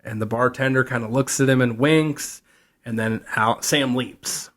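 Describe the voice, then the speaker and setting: A man's voice: medium pitch, fairly even intonation, measured pace, fairly bright tone. A man co-hosting a podcast in casual chat, telling a TV plot at length and acting out the characters' lines as he goes. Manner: rambling storyteller, acts out characters' quotes. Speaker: podcast co-host.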